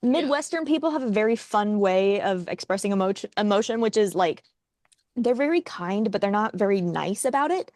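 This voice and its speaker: A young woman co-hosting a casual chat, telling a story in a wry, animated way and acting out what others said. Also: mid-range voice, moderate pace, dry recording, clean studio sound. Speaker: podcast co-host.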